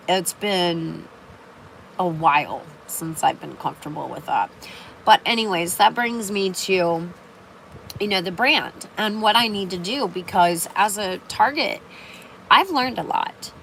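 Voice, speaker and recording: A woman's voice: mid-range voice, bright, forceful tone, a little hiss or hum, rough recording. An older woman talking on a casual livestream in a rambling way, with many fillers and restarts. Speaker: live streamer.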